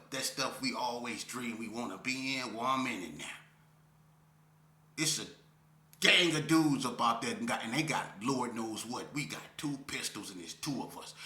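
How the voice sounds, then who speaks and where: A man telling a story from his youth in a casual, animated way, full of slang and often checking in with the listener. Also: mid-range voice, echoey room.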